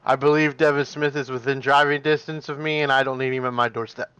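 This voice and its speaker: A man co-commentating a sim race, rambling with restarts and deadpan jokes. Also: medium pitch, fast, clean tone, no echo.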